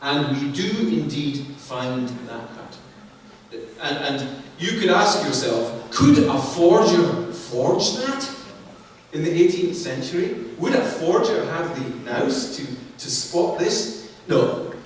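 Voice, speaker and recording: A man giving an academic lecture at a university, animated and asking himself questions before answering them. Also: on the high side, slow pace, slight background noise. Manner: animated, asks and answers his own questions. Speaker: visiting professor lecturing on authorship. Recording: roomy hall, distant mic, faint ambience.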